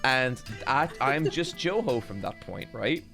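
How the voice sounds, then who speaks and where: A man's voice: mid-range voice, sing-song, unhurried, vocal fry, a bit bright, faint music behind. A man hosting a stream, casually telling a rambling, self-deprecating story while tired after a very long session. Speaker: streamer and podcast host.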